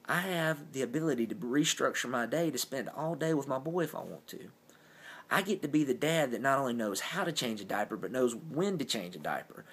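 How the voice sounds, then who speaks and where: A man's voice: a little high, husky. A young adult man speaking earnestly to camera in a casual motivational talk, upbeat and encouraging.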